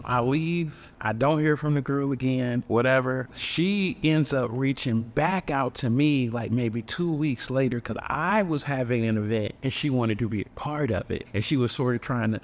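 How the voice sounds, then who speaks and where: Animated, slangy male storyteller. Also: medium pitch, moderate pace, hardly any pauses. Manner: animated, slangy, jokey retelling. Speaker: storyteller host. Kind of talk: casual storytelling.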